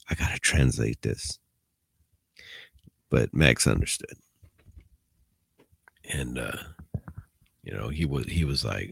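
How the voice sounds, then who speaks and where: A man's voice: extremely low pitch, measured pace, gravelly, pauses often, breathy edge, no echo. A man hosting a podcast, telling a prison story in a laid-back, profane way with bits of Spanish. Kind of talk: casual storytelling.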